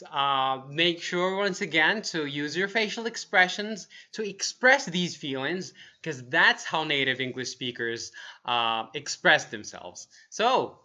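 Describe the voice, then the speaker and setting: A man teaching an online English lesson in an energetic, upbeat way, saying example phrases slowly. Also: high voice.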